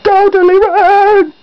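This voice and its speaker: A woman's voice: very high-pitched, noisy background, heavily acted. A woman voicing an angry, whiny male dinosaur in a homemade toy skit, complaining indignantly. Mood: wailing. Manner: indignant, sulky, wailing complaints. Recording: dull lo-fi home recording.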